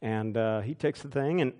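A man preaching a sermon, telling church stories with quick asides and chuckles. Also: mid-range voice, vocal fry. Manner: animated storytelling with asides and chuckles. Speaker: pastor. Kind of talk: storytelling sermon.

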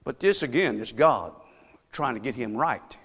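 A male pastor preaching a sermon, telling a story and swinging from hushed asides to shouted emphasis. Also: medium pitch, expressive, moderate pace, slightly rough. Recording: long echo of a large hall.

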